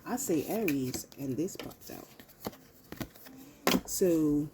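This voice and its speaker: A woman's voice: sits low, animated, slow, pauses often, dark tone, slight background noise. A woman giving a casual, profane tarot reading, talking loosely to herself as she pulls cards. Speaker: tarot reader.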